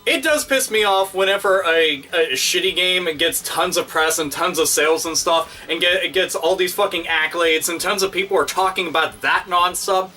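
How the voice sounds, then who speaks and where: A man hosting his own video, ranting casually and excitedly with constant swearing and crude exaggeration. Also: high-pitched, moderate pace, hardly any pauses, far from the mic, faint music behind. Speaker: video host. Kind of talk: casual profane rant.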